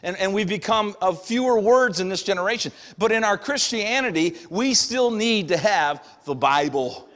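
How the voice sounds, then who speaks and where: A man's voice: high-pitched, expressive, normal speed, few pauses, fairly bright tone. A middle-aged man preaching a sermon as pastor in a folksy, conversational way, acting out little everyday voices. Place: church sanctuary. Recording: long hall reverb.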